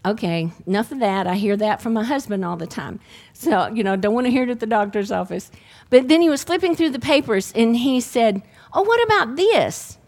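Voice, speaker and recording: A middle-aged woman, preaching a sermon and telling her own healing testimony in a lively storytelling way. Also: fairly high pitch, fairly quick.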